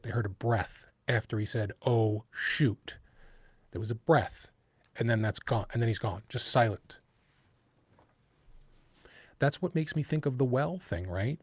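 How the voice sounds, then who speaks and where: A middle-aged man with a New York accent, hosting a live true-crime stream in a rambling, animated way. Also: medium pitch, dry recording. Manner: rambling, restarts, animated asides. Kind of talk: casual live-stream talk.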